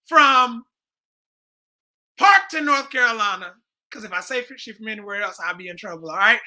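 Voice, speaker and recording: A man hosting a live stream, playful and hyped, shouting out his guests' introductions. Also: very high voice, moderate pace, poor audio. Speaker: host.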